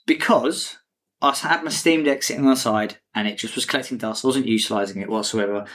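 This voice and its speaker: A man's voice: mid-range voice, brisk, fairly bright tone. A man hosting a casual podcast chat, jokey and ranty, swearing freely. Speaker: podcast host.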